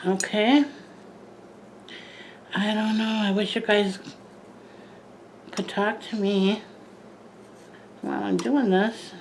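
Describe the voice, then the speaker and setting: A woman's voice: mid-range voice, fairly even intonation, takes it slowly, pauses often, slight background noise, rough recording. An older woman chatting casually to the camera as a plant vlogger, rambling with lots of asides and self-corrections.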